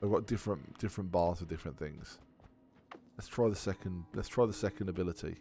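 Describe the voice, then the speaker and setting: A man giving casual let's play commentary while thinking aloud, excitable and swearing often. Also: sits low, quick pace, faint music behind. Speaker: gaming video creator.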